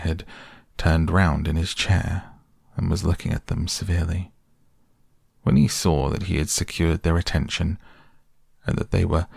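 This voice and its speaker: A man narrating a storybook reading in a measured, expressive way. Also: sits low, gravelly, breathy edge, dry recording, studio quality.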